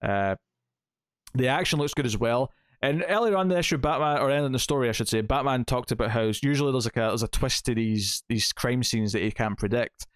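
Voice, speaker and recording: A man's voice: medium pitch, a little fast, dry recording, clean studio sound. A man co-hosting a podcast, casually retelling a comic's plot with lots of fillers. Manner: chatty, retells plot with acted quotes, many fillers. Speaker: podcast co-host reviewing comics. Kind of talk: casual review chat.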